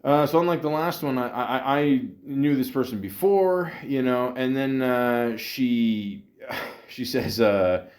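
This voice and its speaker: A man's voice: mid-range voice, slow pace, a little mellow. A man in his forties hosting a podcast, rambling through a casual, profane monologue with lots of fillers and self-deprecating asides. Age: 40s. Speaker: podcast host.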